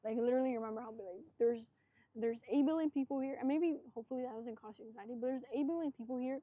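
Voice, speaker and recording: A woman's voice: on the high side, very fast, no room sound, phone-quality sound. A woman hosting a solo podcast, talking in a rambling, reflective way and filling her sentences with "like". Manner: rambling, reflective, heavy use of "like"; earnest, self-searching. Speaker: podcast host. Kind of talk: casual solo podcast talk.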